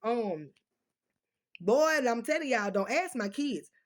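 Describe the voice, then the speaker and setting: A woman talks fast, and her words run together and slur. She talks straight to her viewers in a casual, emphatic rant, recorded on a phone indoors at home. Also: a little high, lively intonation. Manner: emphatic, repeats "doggone", fast slurring talk. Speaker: vlogger addressing viewers. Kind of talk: casual direct-to-camera rant. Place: indoors at home, dim lighting.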